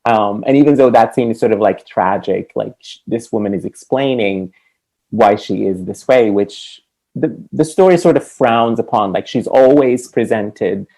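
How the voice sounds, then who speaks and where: A man's voice: fairly low pitch, moderate pace, creaky, warm tone, low-quality recording. A man co-hosting a podcast, talking casually and animatedly about a film, laughing often. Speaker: podcast co-host.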